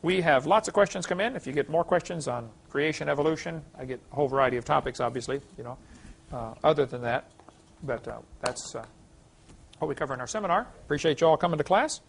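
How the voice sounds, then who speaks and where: A middle-aged man gives a classroom lecture with a gravelly edge to his voice. He talks in a folksy, emphatic way and reads scripture passages aloud. His voice sits a little higher than most men's. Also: fast, slight background noise. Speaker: creation science teacher.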